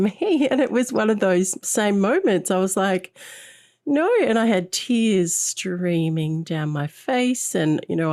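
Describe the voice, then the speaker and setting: A woman hosting a podcast interview, talking in an earnest, reflective way that is sometimes halting. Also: on the low side, darkish tone, no echo. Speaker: podcast host. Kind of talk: conversational interview.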